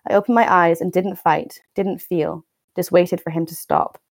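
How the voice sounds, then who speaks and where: A woman's voice: fairly low pitch, fairly even intonation, moderate pace, vocal fry, dry recording. A young woman hosting a podcast, reading a novel aloud and then commenting with exasperated, wry remarks. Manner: wry, exasperated, stumbles and restarts while reading. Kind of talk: book reading and casual commentary.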